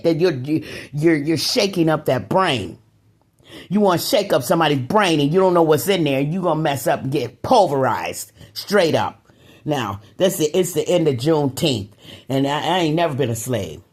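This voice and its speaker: A vlogger talks to camera in a casual monologue at normal speed, her voice carrying a breathy edge. Excitable and emphatic, she drops to low mutters, then rises into riled-up outbursts with repeated words.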